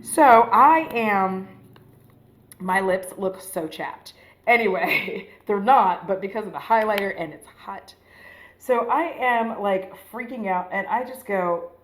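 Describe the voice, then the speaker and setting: Animated, profane woman vlogger. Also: medium pitch, a little slow. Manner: animated, profane, acts out quoted lines. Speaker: beauty vlogger. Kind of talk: casual storytelling while doing makeup.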